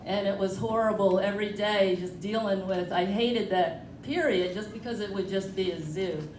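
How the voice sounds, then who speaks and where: A woman's voice: medium pitch, normal speed, a little mellow, a little hiss or hum. A woman doing a rambling, self-mocking stand-up comedy set at a brewery comedy night. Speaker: stand-up comic. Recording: echoey room, from far off.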